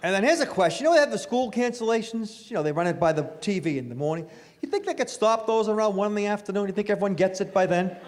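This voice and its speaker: On stage for stand-up, a middle-aged Italian-American man pokes fun at himself and banters with the audience. He talks fast in a high-pitched voice with lively intonation.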